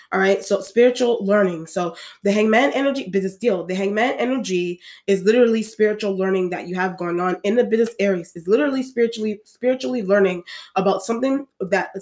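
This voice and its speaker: This tarot reader is a woman with a medium pitch and a slightly mellow tone, talking to an audience as she reads the cards. She rambles, repeating phrases and starting over often.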